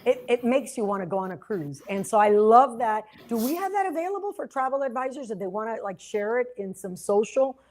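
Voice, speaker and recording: A woman's voice: on the high side, expressive, brisk, hardly any pauses, a little mellow. A woman in her sixties hosting a webinar over a video call, effusive and dramatic, talking at length. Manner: dramatic and effusive, talks a lot. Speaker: host, cruise sales leader. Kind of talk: webinar chat.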